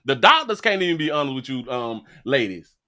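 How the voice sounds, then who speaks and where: A man hosting a live stream, ranting animatedly with frequent laughs, repeated words and loud high outbursts. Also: big pitch swings, a little fast. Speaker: live-stream show host. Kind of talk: live-stream commentary rant.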